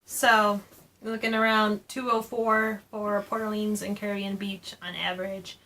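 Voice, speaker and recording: A woman's voice: mid-range voice, little pitch movement, measured pace, pushed and bright. A woman co-hosting a casual travel chat, explaining things in detail and laughing often. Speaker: co-host of a theme park travel channel.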